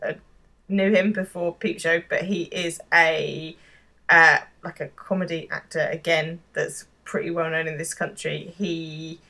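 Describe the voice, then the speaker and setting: A woman's voice: deep voice, steady tone, a little slow, creaky, bright, forceful tone. A woman co-hosting a podcast, chatting casually about a TV episode and acting out lines from its scenes. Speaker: podcast co-host. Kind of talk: casual chat recapping a TV episode.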